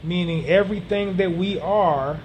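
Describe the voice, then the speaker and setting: A man's voice: sits high, unhurried, a little mellow, slight background noise. A man hosting a solo podcast monologue, speaking earnestly and repeating phrases for emphasis, with frequent ums. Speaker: podcast host.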